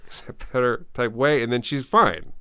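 A man's voice: mid-range voice, normal speed, sharp tone, smooth. A man co-hosting a podcast, chatting casually about a movie, rambling with frequent laughs. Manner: rambling, laughs often, restarts. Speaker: podcast co-host.

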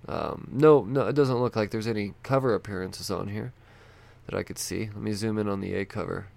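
A man with a gravelly, creaky voice chats loosely about new releases. He rambles, swears casually and thinks aloud. The sound is close and dry, with no room around it. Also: lowish voice, steady tone, a little fast, darkish tone, dry recording. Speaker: comic book vlogger. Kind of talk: casual chat.

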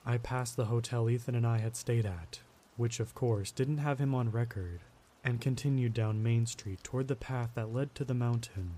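A man narrating a first-person horror story in a steady, grim storytelling manner. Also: mid-range voice, normal speed, slight background noise.

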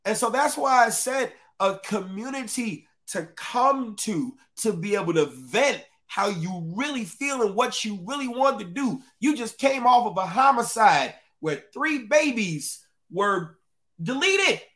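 A man with a fairly high-pitched voice hosts a live-streamed podcast. He talks emphatically, repeating lines for stress and breaking off to greet viewers in the chat. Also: animated, unhurried, a bit bright. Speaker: podcast host. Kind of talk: live-streamed commentary talk.

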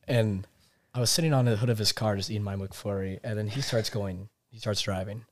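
A young man with a low voice tells a long, rambling story on a podcast. He acts out the other people's lines and laughs along as he goes. The sound is dry and close. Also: fairly quick, no echo. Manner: animated, laughing storyteller acting out quotes. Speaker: podcast guest. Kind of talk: casual storytelling. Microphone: podcast mic set slightly far.

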